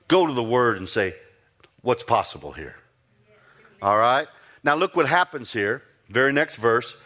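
A man preaching a sermon, retelling scripture stories in a folksy, animated way, often repeating and restarting his phrases. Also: medium pitch, moderate pace. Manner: animated storytelling, rising to emphatic peaks.

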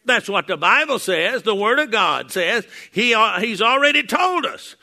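Folksy older male preacher, bright voice. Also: sits high, sing-song, normal speed. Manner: folksy, storytelling preacher with many restarts. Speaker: pastor. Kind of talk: sermon. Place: church hall before a congregation. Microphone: wearing a lapel mic.

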